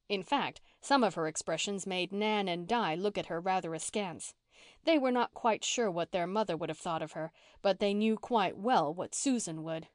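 A woman reading a classic novel aloud as an audiobook narrator, in an even, measured way. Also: medium pitch, no echo, studio quality. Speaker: audiobook reader. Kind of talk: scripted narration.

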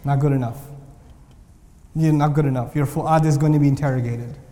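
A man preaching a sermon with a high voice. He talks in an animated way and slips into the voices of the people he quotes. The sound carries a long hall reverb. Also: a little fast. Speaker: Islamic preacher.

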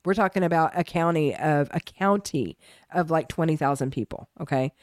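A woman with a lowish voice chats casually as a podcast co-host, recorded close and dry. She is matter-of-fact and easygoing, drifting into fillers as she thinks aloud. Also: moderate pace, dry recording. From not from Oklahoma. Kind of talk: casual chat recapping reality TV.

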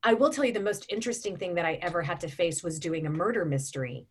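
A woman's voice: lowish voice, quick pace, breathy edge. Chatty woman narrator in her forties. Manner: chatty, frequent ums and restarts. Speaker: audiobook narrator and voice actor. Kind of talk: casual interview chat.

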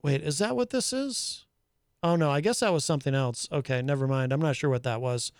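A man's voice: a little high, brisk, smooth, dry recording, studio quality. A man hosting a live talk show in casual chat, reading viewer comments aloud and rambling with many fillers and restarts. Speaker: host.

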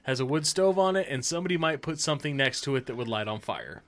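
A man's voice: medium pitch, animated, quick pace. A man co-hosting a podcast, telling a story in a laid-back, dry way in casual banter. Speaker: podcast co-host.

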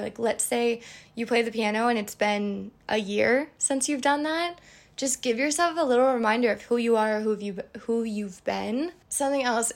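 A young woman hosting a podcast, answering listener questions in a chatty, candid way with playful asides. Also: on the high side. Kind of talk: casual advice chat.

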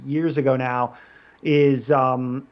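A man talking as a podcast guest in casual conversation, animated, with frequent restarts and fillers. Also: mid-range voice, slow pace, highs cut off.

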